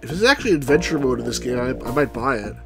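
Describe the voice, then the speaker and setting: A man's voice: medium pitch, sing-song, racing, music in the background. A man hosting a let's play, giving casual, rambling commentary full of fillers and frequent chuckles.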